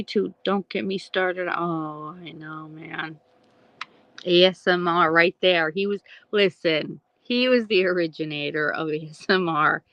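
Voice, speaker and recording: A woman in her forties chats to her viewers on a live stream, rambling from one thought to the next and laughing as she goes. Her voice sits a little low. The sound is dull and lo-fi, with a dry close feel. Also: fairly bright tone, dry recording. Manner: chatty, rambling, laughs often. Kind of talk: casual live chat with viewers.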